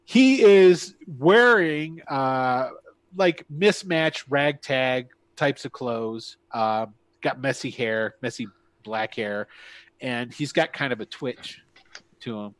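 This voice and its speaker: A man's voice: fairly high pitch, expressive, slow, no echo. A man narrating a tabletop game as game master, casual and rambling. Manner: casual, rambling, full of fillers.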